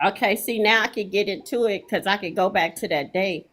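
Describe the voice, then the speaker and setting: A middle-aged woman telling a story in an animated, profane way, full of emphatic repetition. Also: mid-range voice, brisk.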